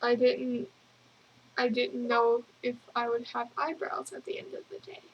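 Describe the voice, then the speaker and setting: A young woman rambling casually in a video journal, giggling often and filling pauses with ums. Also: a little high, fairly even intonation, lo-fi sound, slight background noise. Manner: rambling, giggly, lots of fillers. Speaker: vlogger.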